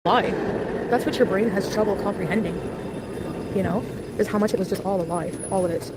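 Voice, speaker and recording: Woman rambling on a vlog at a train station, mid pitch, loud street noise. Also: a little fast. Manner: rambling and emotional, with many fillers. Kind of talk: casual vlog while commuting. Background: trains and traffic.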